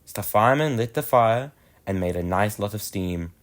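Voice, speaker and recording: A man narrating a children's storybook in a gentle, expressive way. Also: lowish voice, moderate pace.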